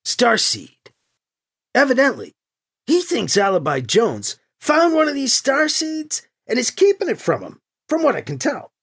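A narrator lending a voice to a male security chief with a dry wit, reporting facts in a lifted, lively tone. He sounds rough around the edges, slightly gravelly and husky, in an audiobook. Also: very high-pitched, normal speed, pitched above the performer's own voice, exaggerated voice. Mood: wry. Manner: wry, matter-of-fact.

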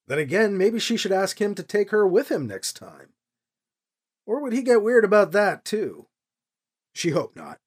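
A woman narrating a novel as an audiobook, with expressive storytelling. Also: deep voice, slightly rough. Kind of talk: scripted narration.

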